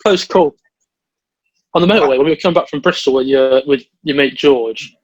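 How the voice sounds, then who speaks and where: Speaking at a medium pitch, this young adult from England co-hosts a podcast and tells meandering stories in an eager, fast-paced, casual way. The audio sounds muffled but has no echo.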